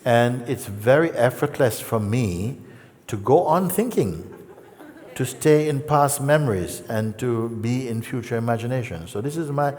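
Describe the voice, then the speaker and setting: A man, a spiritual teacher, giving a gentle, playful satsang talk with soft asides. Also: mid-range voice, expressive, unhurried. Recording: long hall reverb.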